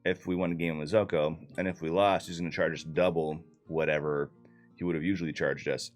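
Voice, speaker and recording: A man's voice: a bass voice, steady tone, fairly quick, soft background music. A man loosely recapping a tabletop game session in casual, profane talk full of fillers. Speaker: player recapping the campaign.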